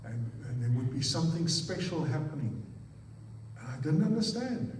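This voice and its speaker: A pastor with an Afrikaans accent preaching a sermon, putting weight on words and repeating them in threes, often putting questions to the congregation. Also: male voice, fairly high pitch, big pitch swings, normal speed, a little mellow, a little hiss or hum. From South Africa. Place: church hall. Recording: echoey hall, picked up from far off.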